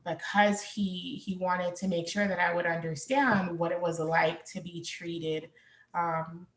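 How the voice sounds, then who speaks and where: A woman with a low, gravelly voice recalls memories softly, with many pauses. Her pitch stays flat throughout. The sound is roomy and echoey. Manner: soft-spoken, reflective, many "um"s. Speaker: panelist. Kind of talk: personal storytelling.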